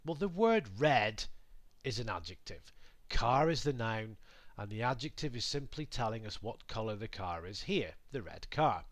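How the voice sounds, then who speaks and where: A man teaching English grammar to learners, patient and clear, with lots of example sentences. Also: lowish voice, expressive, moderate pace, no room sound.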